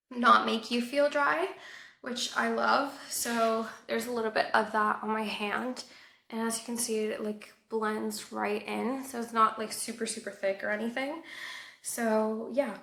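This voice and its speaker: A young woman from Colombia talks through a casual beauty review in a bright, fairly high voice with a gravelly edge. She drops "like" all through her sentences and sounds a touch nasal from a fading cold. The room around her is echoey. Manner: chatty, says "like" often. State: recovering from a cold, a bit nasal. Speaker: beauty vlogger.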